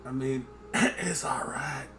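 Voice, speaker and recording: This livestream host talks slowly in a medium-pitched voice, with background noise behind him. Drinking at home, he rambles profanely, pokes fun at himself, and talks to his dog.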